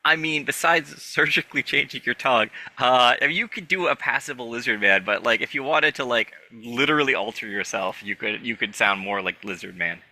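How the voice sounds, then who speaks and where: A man serves as game master of a tabletop game. His narration rambles and stops to rephrase, full of fillers. His voice is very bright and it sounds close and dry. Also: medium pitch, brisk, few pauses, dry recording.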